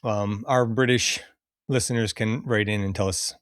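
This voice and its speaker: A man's voice: fairly low pitch, normal speed, no echo. Laid-back male podcast host, dry mic. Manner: relaxed, laughs often, reads cast list. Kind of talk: casual chat.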